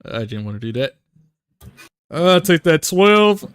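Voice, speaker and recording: A man's voice: fairly high pitch, very animated, unhurried, clean tone, dry recording, clean studio sound. A man playing a tabletop game live, narrating in a rambling way full of fillers.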